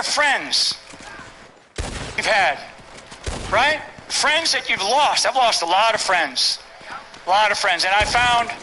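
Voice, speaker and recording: A man's voice: very high-pitched, pushed and bright, slight background noise, low-quality recording. An older man speaking from a stage at a public event, emphatic and repetitive, often tagging lines with "right?". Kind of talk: rally speech.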